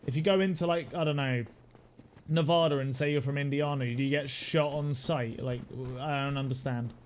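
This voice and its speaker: A young British man streaming a game, rambling casually, swearing freely, laughing often and shouting at the game now and then. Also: a little high, steady tone, moderate pace, a little hiss or hum. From United Kingdom. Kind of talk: casual live-stream chat while gaming.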